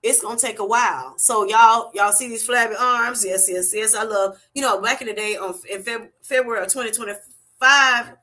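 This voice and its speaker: A middle-aged woman hosting a live stream, reading viewer comments aloud and chatting warmly, calling everyone honey. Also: a little high, moderate pace. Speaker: livestream host.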